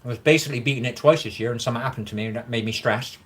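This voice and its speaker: A man's voice: medium pitch, rapid-fire, fairly bright tone. A man chatting casually on a livestream, answering viewer comments in a rambling, frank way, swearing freely and encouraging his viewers.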